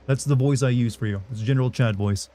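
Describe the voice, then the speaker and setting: A man's voice: medium pitch, fast talker, warm tone. Joking man streaming gameplay. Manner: jokey, chatting with chat, trying out silly voices. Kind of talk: live gameplay commentary.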